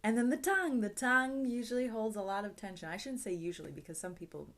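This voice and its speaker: A woman acting coach talks you through a vocal warm-up at an easy, encouraging pace. Her pitch sits in a middle range, and she slips in small laughs and relaxed sighs between the instructions. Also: quick pace.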